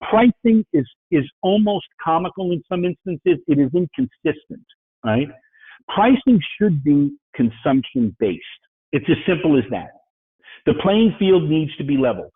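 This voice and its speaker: A man from New York with a New York accent, giving a fast-paced webinar presentation and checking in with "right?" and "okay?" as he goes. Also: on the high side, very animated. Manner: fast-talking, frequent "right?" and "okay?" asides. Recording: phone-like, dry, husky sound.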